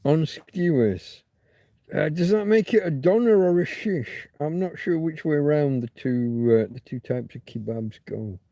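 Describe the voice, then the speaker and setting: A man's voice: a little high, lively intonation, a little slow, warm tone, dry recording. A man hosting a rambling, casual livestream, musing aloud and swearing now and then. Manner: chatty, swears, muses aloud while reading. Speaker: livestream host. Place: home, Torrevieja.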